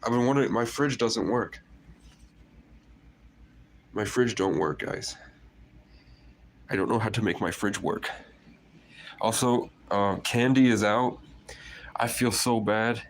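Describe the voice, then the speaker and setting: A man's voice: fairly low pitch, slow pace, pauses often, slight background noise. A man rambling to his viewers in a conspiratorial livestream monologue.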